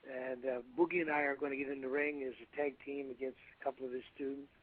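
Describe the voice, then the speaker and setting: An older man, a retired wrestler, guesting on a radio interview and talking in a rambling, halting way. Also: mid-range voice, level tone. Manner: rambling, halting, calls hosts "brother". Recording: tinny phone line.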